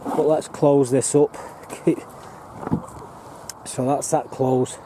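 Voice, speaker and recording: A man's voice: mid-range voice, level tone, extremely slow. A northern English man giving a rambling, plain-spoken walking tour of his allotment plot, talking to the camera he carries. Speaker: allotment gardener and vlogger. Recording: faint outdoor background noise.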